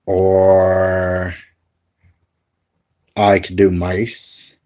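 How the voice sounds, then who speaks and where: A man's voice: low-pitched, fairly even intonation, takes it slowly. A man talking casually in a vlog, rambling and hesitant with many fillers as he shows off voices and animal noises. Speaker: amateur voice impressionist.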